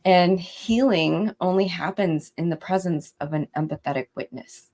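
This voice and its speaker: A young woman recounts a hard stretch of her life in easy podcast talk. Her voice sits a little low, with a gravelly fry, and she slips into lively acted-out quotes of what others said. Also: moderate pace. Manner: animated storytelling, acts out quotes. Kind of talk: casual podcast conversation.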